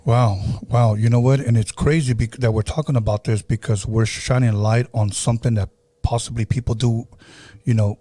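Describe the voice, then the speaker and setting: A man's voice: medium pitch, steady tone, moderate pace, dark tone. A man hosting a podcast, speaking earnestly and reflectively, with frequent restarts. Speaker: podcast host. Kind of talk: casual podcast talk.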